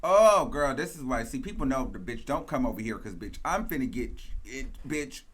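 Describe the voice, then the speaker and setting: A man's voice: mid-range voice, lively intonation, moderate pace, fairly bright tone, breathy edge. A man hosting a gossip commentary show, ranting in a sassy, profane, emphatic way and repeating phrases for emphasis.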